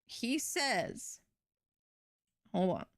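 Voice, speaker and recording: A young woman streaming, retelling a show in an animated, rambling way with casual swearing. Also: medium pitch, very slow, no echo, clean studio sound. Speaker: VTuber streamer.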